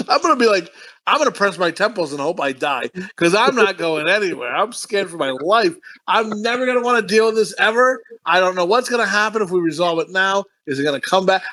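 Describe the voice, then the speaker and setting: A man co-hosting a podcast, chatting crudely about a film he loved as a child and breaking into mocking voices. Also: high-pitched. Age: adult, recalls the film from childhood. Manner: animated, swings into mocking voices of movie characters. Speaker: podcast co-host. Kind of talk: crude casual film chat.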